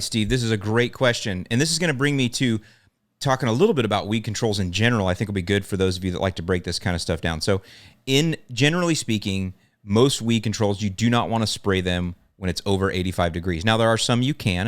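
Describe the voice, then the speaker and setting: Low, smooth-voiced man hosting a podcast. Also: fast talker, dry recording. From American South. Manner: plainspoken, repeats points for emphasis. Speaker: podcast host answering lawn care questions. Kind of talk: casual podcast talk.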